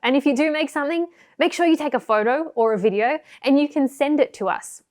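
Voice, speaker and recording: A woman's voice: high voice, fairly quick, a little mellow. A woman teaching a puppet-making workshop for children, cheerful and encouraging. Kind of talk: children's craft tutorial.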